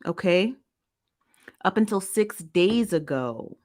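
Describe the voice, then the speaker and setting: A woman's voice: mid-range voice, lively intonation, slow, darkish tone. Emphatic woman hosting commentary. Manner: emphatic, repeats points, checks in with "okay?" and "right?". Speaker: commentary show host. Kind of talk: casual commentary reading viewer comments.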